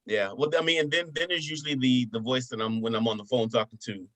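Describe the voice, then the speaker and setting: A man's voice: mid-range voice, fast talker, a bit bright, no room sound. A man from Buffalo, New York, in his thirties, co-hosting a casual podcast chat and telling stories animatedly with frequent restarts. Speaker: podcast co-host.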